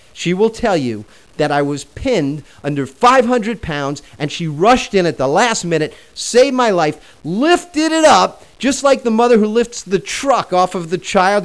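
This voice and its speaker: A man in his forties telling a personal story in a conversational way while teaching a self-help lesson. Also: high-pitched. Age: 40s.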